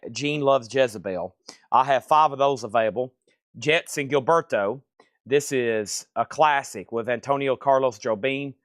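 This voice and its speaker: A man hosting a live record sale, rattling off items and prices in a casual, brisk way. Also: mid-range voice, fairly bright tone, no room sound, studio quality. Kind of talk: livestream sales pitch.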